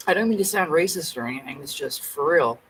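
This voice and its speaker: A woman's voice: sits low, lively intonation, fast talker, husky, poor audio. A woman chatting casually to camera at home, blunt and rambling, with plenty of swearing. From Canada. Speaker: vlogger.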